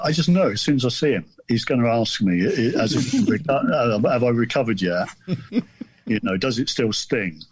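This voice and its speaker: Husky older guy rambling thru a funny story, dry close mic, podcast guest vibe. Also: lowish voice, no echo. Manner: rambling, amused anecdote telling. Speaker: guest author. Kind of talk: casual storytelling chat.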